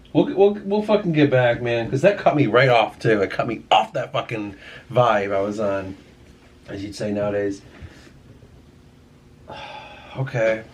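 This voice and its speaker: A man's voice: fairly low pitch, a little hiss or hum. A young man musing casually to his camera at home, rambling and swearing often, trailing off mid-thought. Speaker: vlogger. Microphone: camera mic.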